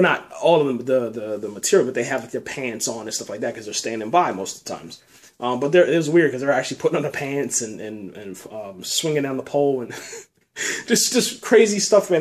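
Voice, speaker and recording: A man's voice: mid-range voice, a little mellow. A man telling a nightmare in a loose, rambling way, swearing a lot and dropping "man" and "you know" all through. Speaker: storyteller recounting a nightmare. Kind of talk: casual rambling storytelling.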